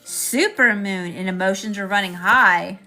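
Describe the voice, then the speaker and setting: A woman's voice: medium pitch, a little slow, pushed and bright, faint music behind. A woman doing a live-stream tarot reading, chatting with viewers between cards. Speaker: tarot reader.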